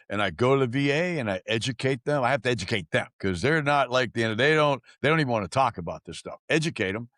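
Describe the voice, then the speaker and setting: A man's voice: mid-range voice, expressive, a little fast, fairly bright tone, dry recording, clean studio sound. A man hosting a podcast, chatting casually, laughing often and saying dude and bro. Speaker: podcast host. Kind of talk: casual interview chat.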